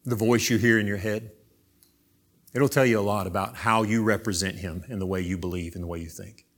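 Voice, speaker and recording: A man preaching a sermon, swinging between soft, intimate asides and loud, emphatic reading. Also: fairly low pitch, fairly even intonation, fairly quick.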